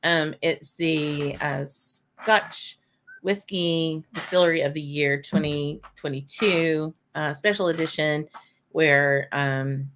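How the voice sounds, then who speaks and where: A middle-aged woman hosts a relaxed live whisky tasting. Her voice sits a little low, and she chats in a folksy way, greeting viewers by name. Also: slow pace, slight background noise. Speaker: host.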